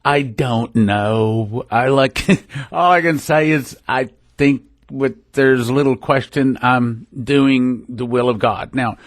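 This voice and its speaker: Speaking slowly with fairly even intonation, this radio ministry host has a medium-pitched voice. His casual religious radio talk is folksy and rambling, frequently interrupting himself and starting over, picked up by a studio microphone with no room sound.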